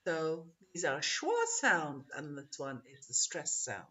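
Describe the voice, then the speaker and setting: A woman teacher trainer leading an online webinar, encouraging and modeling pronunciation slowly. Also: low voice, very animated, bright, forceful tone. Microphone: video call. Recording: dull lo-fi webinar audio.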